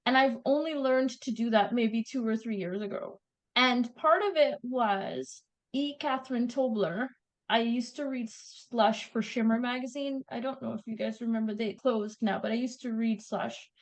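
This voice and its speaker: A woman with a Canadian accent, chatting as a guest author in an interview, telling stories in an animated, laughing way. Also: fairly high pitch, normal speed, rough recording. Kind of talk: casual interview chat.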